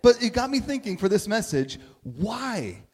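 Middle-aged guy preaching, chatty storyteller, kinda high voice, long hall reverb. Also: big pitch swings, unhurried, a little mellow, slightly rough. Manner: conversational storytelling, asks "right?" often. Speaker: pastor. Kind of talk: sermon.

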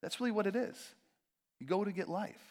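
A man preaching a sermon in a conversational, animated way, acting out quoted voices and making jokey asides. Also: high voice, brisk. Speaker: pastor.

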